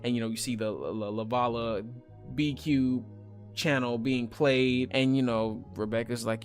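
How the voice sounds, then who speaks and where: A man's voice: mid-range voice, fairly even intonation, unhurried, faint music behind. A man giving a casual, loose recap of a manga chapter, full of "you know" fillers and chuckles. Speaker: manga reviewer.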